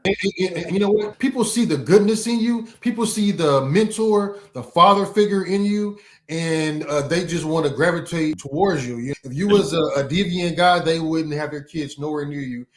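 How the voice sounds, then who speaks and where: A man's voice: fairly high pitch, moderate pace, hardly any pauses, reverberant. A man hosting an interview, affirming and encouraging his guest. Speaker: podcast host. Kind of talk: interview host.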